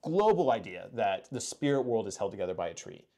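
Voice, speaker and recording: A man's voice: fairly low pitch, big pitch swings, brisk, mellow. A man from Kentucky hosting a podcast, talking casually and rambling with lots of filler words. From United States (Kentucky). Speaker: podcast host.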